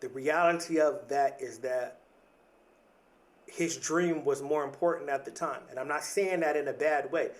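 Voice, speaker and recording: A man's voice: mid-range voice, normal speed. A young adult man hosting a podcast, talking in an earnest, reflective motivational monologue, often restarting and leaning on "like" and "right?". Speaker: podcast host.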